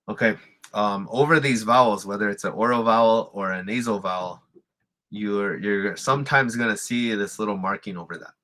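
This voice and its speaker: A man from a Lakota community teaching a language lesson in an easygoing, chatty manner. His voice sits a little low but sounds bright and forceful. He pauses on example words and says them slowly. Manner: relaxed, explains with fillers and repeats example words. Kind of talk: casual spoken lesson.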